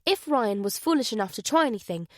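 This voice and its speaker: A woman reading a thriller audiobook in an even, measured narration. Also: a little high, dry recording, clean studio sound. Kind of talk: scripted narration.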